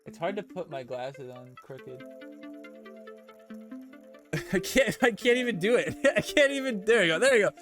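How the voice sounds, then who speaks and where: A man's voice: high-pitched, lively intonation, moderate pace, long pauses, over music. Male streamer host reading chat. Casual, swears often, jokes around. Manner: loose, profane, joking.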